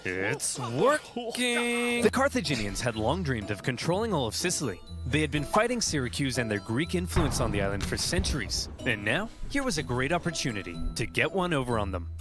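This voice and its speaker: A man narrating a comic history cartoon in a scripted, wry style that lands its jokes deadpan. His pitch is very lively and music runs beneath him throughout. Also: fairly quick, hardly any pauses.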